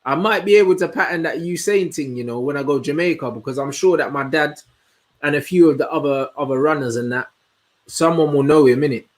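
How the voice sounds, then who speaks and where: A young man, hosting a casual livestream and chatting in an animated, slangy way as he answers comments. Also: fairly high pitch. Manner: slangy, animated, answers chat with quick asides. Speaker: host.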